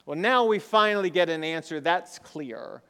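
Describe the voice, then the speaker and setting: In a hall with long reverb, a male pastor delivers a conversational sermon at normal speed. His voice is on the high side, pushed and bright yet clean in tone, and he frequently asks the congregation rhetorical questions.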